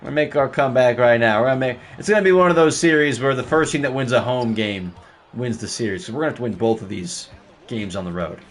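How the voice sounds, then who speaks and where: A young man streaming a basketball video game, talking live over his play, excitable and trash-talking with sudden high yelps. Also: fast. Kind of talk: live gameplay commentary.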